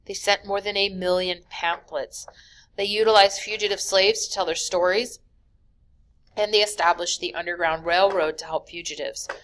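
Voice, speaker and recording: A woman teacher giving a recorded history lecture over slides, talking casually with many fillers and quick self-corrections. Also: fairly low pitch, fairly even intonation, fairly bright tone. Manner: casual, many "um"s, corrects her own slips. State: yawning, sleepy.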